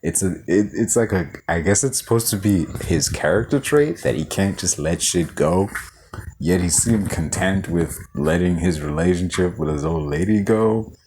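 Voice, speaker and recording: A man's voice: low-pitched, moderate pace, a little hiss or hum. A man reviewing a film in a casual, profane, sarcastic rant, full of fillers and restarts. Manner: animated, frequent fillers and self-interruptions. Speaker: film reviewer, show host.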